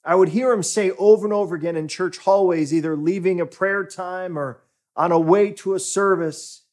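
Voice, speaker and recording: A man preaching a sermon as pastor, deliberate and emphatic, rising for stress and sinking to near-whispers. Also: high-pitched, darkish tone.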